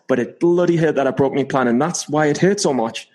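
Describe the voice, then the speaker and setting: A man's voice: fairly high pitch, a little fast, darkish tone, low-quality recording. A man co-hosting a casual podcast chat, playful and given to mock-dramatic confessions. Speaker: podcast co-host.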